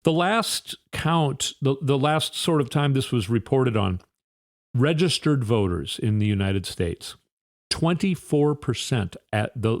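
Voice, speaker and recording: Opinionated man rambling on politics. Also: medium pitch. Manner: rambling, opinionated, with fillers and restarts. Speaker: podcast host. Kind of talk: political commentary monologue.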